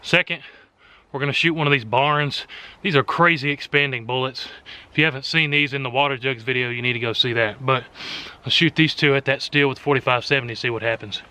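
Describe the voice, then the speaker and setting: A man hosts a casual outdoor shooting demonstration at a rural range, filmed on an action camera, talking in a folksy, joking, enthusiastic way as a firearms video host. His voice is medium-pitched, bright, forceful and smooth, with fairly even intonation and a slightly fast pace.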